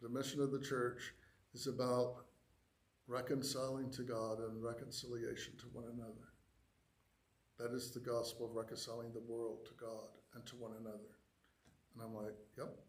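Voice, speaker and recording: A man telling a personal story to a church adult education class, acting out his own reactions in lively quoted asides. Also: medium pitch, normal speed.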